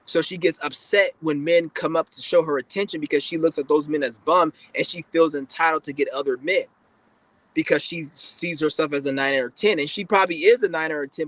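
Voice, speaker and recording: A man's voice: on the high side, brisk, fairly bright tone, no room sound, poor audio. A man giving a blunt, profane, rambling casual monologue as a podcast host.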